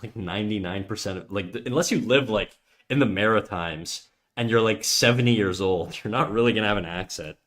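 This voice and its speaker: A man from Canada chatting casually on a live stream, laid-back and swearing freely while thinking out loud. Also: on the low side, a little fast.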